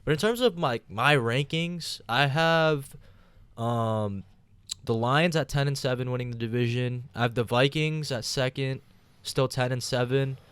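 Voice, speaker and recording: A man's voice: medium pitch, a little slow, clear, resonant tone, no room sound. Young man hosting a sports podcast. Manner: leads the talk, steady rambling analysis. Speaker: podcast host. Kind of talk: casual sports chat.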